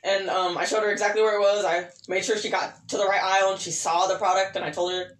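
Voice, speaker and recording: A woman's voice: medium pitch, level tone, quick pace, hardly any pauses. A woman co-hosting a casual podcast, telling a long work story in a rambling way, swearing and laughing easily. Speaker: podcast co-host. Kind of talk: casual chat. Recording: echoey room.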